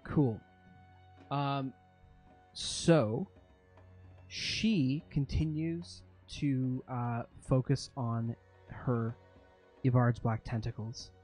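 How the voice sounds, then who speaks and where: A man's voice: mid-range voice, fairly even intonation, drawn-out words, long pauses, a little mellow, breathy edge, faint music behind. A man running a tabletop game as game master, narrating monster actions vividly and explaining rules, with frequent fillers.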